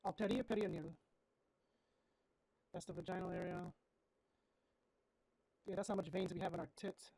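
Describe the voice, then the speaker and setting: A woman's voice: lowish voice, steady tone, normal speed, vocal fry, pauses often, dark tone, no echo, poor audio. Blunt, swearing woman streamer. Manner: blunt, profane, musing aloud. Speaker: streamer playing a horror game. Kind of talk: casual gameplay commentary.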